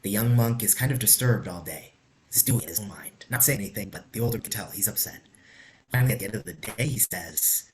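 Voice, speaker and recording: Low-voiced guy guiding a meditation, soft and casual, lots of "you know", drops to a whisper sometimes. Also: lively intonation, slight background noise. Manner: soft-spoken, slow, drifting into whispers; conversational, says "you know" and "right?". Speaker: meditation leader. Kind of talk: guided meditation talk.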